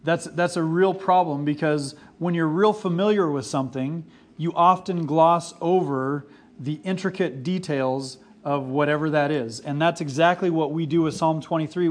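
A man's voice: fairly high pitch, normal speed. A man in his forties preaching a sermon, earnest and repeating key phrases for emphasis. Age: 40s. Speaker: pastor.

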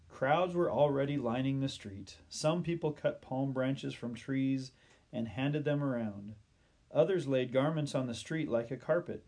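A man narrating a children's Bible story in a gentle storytelling manner. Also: mid-range voice, a little slow.

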